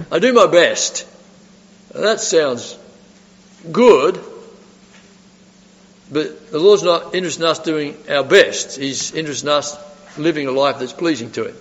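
A man preaching a sermon, putting rhetorical questions to his listeners and swinging between loud emphasis and soft asides. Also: a little high, unhurried, pauses often. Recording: reverberant hall, dull lo-fi sound.

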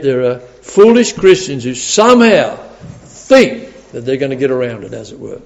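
A man's voice: mid-range voice, expressive, normal speed, vocal fry. A man preaching a sermon, earnest and emphatic, often repeating his key words. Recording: dull recording with long hall reverb.

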